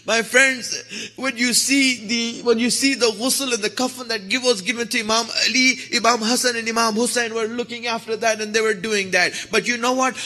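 A male preacher tells a story in an earnest, repetitive sermon style. His voice is very high and bright. A long hall echo trails each line. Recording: echoey hall.

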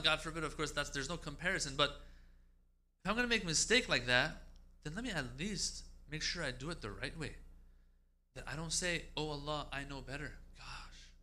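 A man's voice: on the high side, sharp tone. A man giving a religious lecture, speaking emphatically, asking rhetorical questions and quoting Arabic prayers.

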